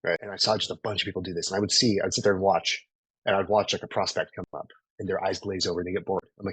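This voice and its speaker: Fast-talking husky male sales coach. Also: sits low, flat delivery, a bit bright, no echo, low-quality recording. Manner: casual, profane, lots of "right?". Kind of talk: live online training session.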